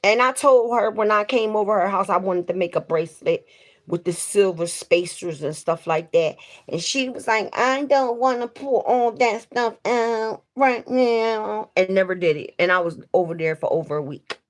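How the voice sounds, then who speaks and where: A woman's voice: lowish voice, brisk. A woman chatting casually with viewers on a livestream, swearing freely and talking straight to them. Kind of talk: casual live stream chat.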